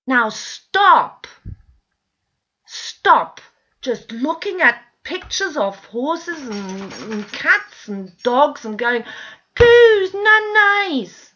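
A woman with a high voice delivers a frustrated, pleading rant to her viewers from home. She swears freely and keeps pressing her audience to listen. The recording sounds dull and lo-fi. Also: expressive, drawn-out words, sharp tone, slightly rough. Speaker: video blogger. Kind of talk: impassioned ranting monologue. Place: at home with dogs nearby.

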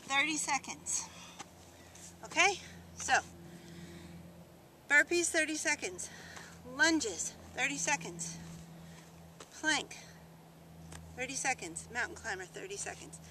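A woman's voice: high voice, lively intonation, takes it slowly, pauses often, sharp tone, a little hiss or hum. A woman fitness instructor leading an outdoor workout demonstration, coaching in an upbeat, encouraging way. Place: outdoors in the countryside. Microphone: camera mic held by a cameraman.

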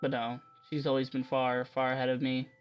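A quiet, dreamy teenage schoolboy looking back on his past, soft and reflective, read by a man in his own voice. His narration is gentle and unhurried at a middle pitch. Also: completely flat delivery, smooth, lo-fi sound, faint music behind, lightly acted.

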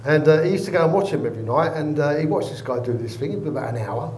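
Loud joke teller in echoey room. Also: male voice, fairly high pitch, racing, hardly any pauses, a little hiss or hum. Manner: lively storyteller, loud. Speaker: guest comedian. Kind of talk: joke telling.

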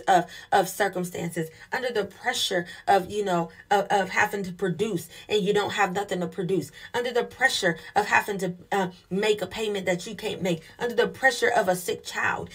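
A woman's voice: mid-range voice, a bit bright, slightly rough. A woman preaching a sermon with fervor, calling out to her listeners as she builds her points. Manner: fervent call-and-response preaching.

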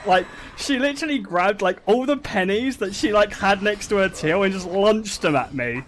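A young man telling stories to his stream chat in a casual, animated way, swearing and laughing often. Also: high voice, normal speed, hardly any pauses, a little hiss or hum.

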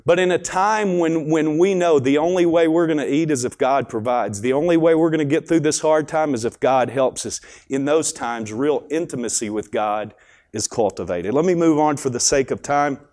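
A man's voice: a little high, moderate pace, darkish tone. A man preaching a sermon at a school chapel in a folksy, conversational storytelling manner.

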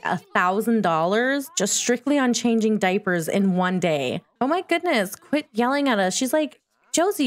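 A woman giving chatty, playful commentary while playing a life-simulation game, talking back to the characters on screen. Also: fairly high pitch. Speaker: gaming video host. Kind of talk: casual gameplay commentary.

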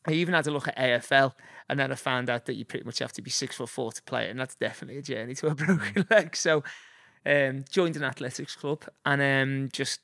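Gravelly Liverpool man telling stories. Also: medium pitch, fast talker, fairly bright tone, no room sound, studio quality. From Liverpool, England. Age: 40s. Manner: rambling anecdotes with fillers and chuckles. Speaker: guest. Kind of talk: casual storytelling.

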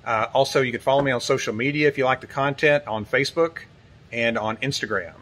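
A man with a Southern US accent, hosting his kayak channel and explaining gear terms in a relaxed, folksy way with loose fillers. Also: medium pitch, quick pace. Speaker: kayak channel host and retailer. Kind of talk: casual instructional explainer.

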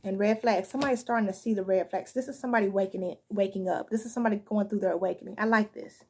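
Husky-voiced woman reading tarot cards. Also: medium pitch, steady tone, rapid-fire, warm tone. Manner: frank and conversational, often says "you know what I'm saying" and "y'all". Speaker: tarot reader. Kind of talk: casual spoken tarot card reading.

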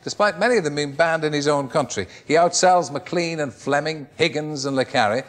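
A man's voice: on the high side, brisk, fairly bright tone. An Irish man hosting a television chat show, asking jokey, teasing questions. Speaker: talk show host.

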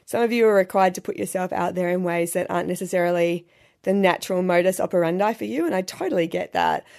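A woman's voice: on the low side, quick pace, a little mellow. A woman hosting a solo podcast, talking in a chatty, candid way with many fillers. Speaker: podcast host. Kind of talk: casual solo podcast talk.

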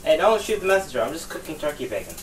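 An actor playing a young son who answers his father with quick, defensive retorts. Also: on the high side, big pitch swings, heavy background noise. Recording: echoey distant kitchen with frying.

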